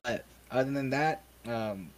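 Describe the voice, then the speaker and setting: A man's voice: medium pitch, unhurried, low-quality recording. A young American man hosting a casual podcast, rambling with many fillers and restarts. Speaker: podcast host.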